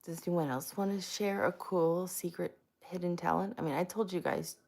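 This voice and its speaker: A woman's voice: lowish voice, normal speed, gravelly, darkish tone. A woman hosting a casual live stream, chatty and self-mocking, greeting viewers by name.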